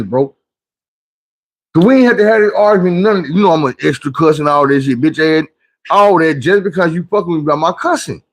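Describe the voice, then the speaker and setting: A man hosting a livestream, telling stories in a casual, preachy way, full of cursing, swinging between loud bursts and low mutters. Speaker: livestream host. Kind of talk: casual livestream monologue and storytelling.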